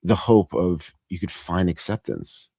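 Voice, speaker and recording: A man with a lowish voice hosts a loose, casual film chat. He rambles, laughs easily and restarts his sentences often. The sound is dry and close, with almost no room. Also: animated, a little slow, vocal fry, dark tone, slightly rough, dry recording. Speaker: host. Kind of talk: casual podcast chat about films.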